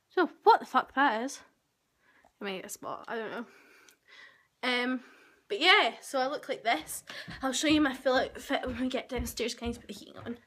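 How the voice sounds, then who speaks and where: Young woman vlogger, high and bright, animated gossipy storytelling, handheld camera at home. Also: a little slow, pauses often. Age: young adult. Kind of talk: casual chatty vlog. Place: at home, indoors.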